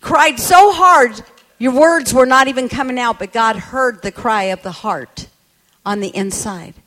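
A woman's voice: on the high side, moderate pace, fairly bright tone. A woman preacher telling a story in a sermon, emphatic and quoting people as she goes.

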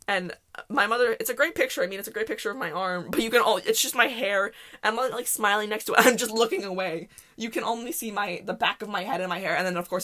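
A young adult woman hosting a casual solo podcast, telling stories in a rambling, animated way and laughing often. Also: mid-range voice. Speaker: podcast host.

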